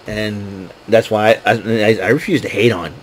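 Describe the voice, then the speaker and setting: A man hosting a casual wrestling recap show, excitable and laughing often as he acts out what wrestlers said. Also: on the low side, unhurried, slight background noise. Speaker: wrestling podcast host.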